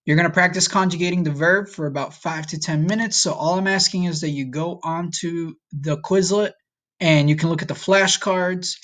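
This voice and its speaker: A man teaching a recorded language lesson, patient and slow, often checking in with "okay?". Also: fairly high pitch, steady tone, a bit bright. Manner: speaks slowly for learners to repeat. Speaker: Spanish teacher.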